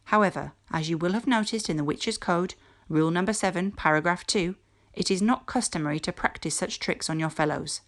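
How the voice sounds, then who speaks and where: Lady doing a strict cold witch teacher, flat and clipped, lowish voice. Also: brisk, lightly acted. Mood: dry. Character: stern cold adult witch schoolmistress.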